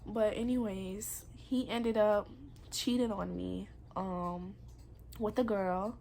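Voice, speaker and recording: A woman's voice: mid-range voice, fairly even intonation, takes it slowly, vocal fry, dark tone, a little hiss or hum. A young woman candidly telling a painful personal story in a confessional vlog, emotional and rambling.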